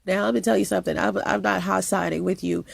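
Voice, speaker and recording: Woman vlogger, stuffy nose, gravelly rambling monologue, dry close sound, emphatic and repetitive. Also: mid-range voice, fairly even intonation, fast, no echo. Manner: repetitive, emphatic, with frequent restarts. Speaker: channel host.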